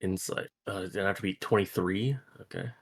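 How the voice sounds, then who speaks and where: A man's voice: low voice, fairly quick, slightly rough. A man playing a tabletop game, talking hesitantly with many ums. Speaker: player. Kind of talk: casual tabletop play.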